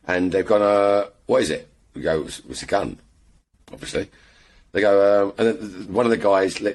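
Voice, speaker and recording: A British man with a very low, husky voice, chatting as a podcast guest. He rambles through his stories, doubling back and adding asides as he goes. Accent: British English. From England. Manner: rambling storyteller, lots of restarts and asides. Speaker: podcast guest, airgun shooter. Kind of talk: casual chat.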